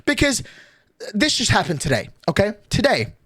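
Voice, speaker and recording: A man's voice: high-pitched, big pitch swings, moderate pace, fairly bright tone, breathy edge, no room sound, studio quality. A young man telling a long story on a live stream, rambling, swearing freely and checking in with "okay?" every few lines. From Australia. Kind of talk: casual chat, storytelling.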